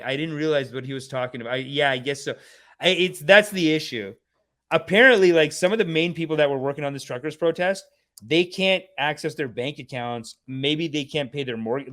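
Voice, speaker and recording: Comedian host from canada, swoopy expressive voice, sweary laughing rant on stream. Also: male voice, fairly high pitch. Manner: animated, profane, laughing rant. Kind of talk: livestream reaction commentary.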